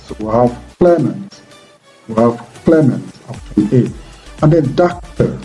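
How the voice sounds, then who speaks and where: A man's voice: mid-range voice, darkish tone. A man teaching an exam-prep English lesson, explaining pronunciation rules step by step in a methodical way. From Nigeria. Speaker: English tutor.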